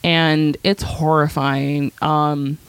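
A woman's voice: extremely slow, clear, resonant tone, no room sound. Young woman, podcast co-host, casual chat, acts out quotes, dry close mic. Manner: animated storytelling, acts out quotes in high voices. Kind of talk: casual chat recapping a TV episode.

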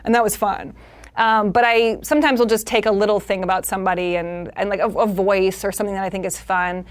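Woman, comedian, casual interview, mid pitch, animated, playful. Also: fast talker. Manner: animated, slips into character voices. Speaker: comedian guest.

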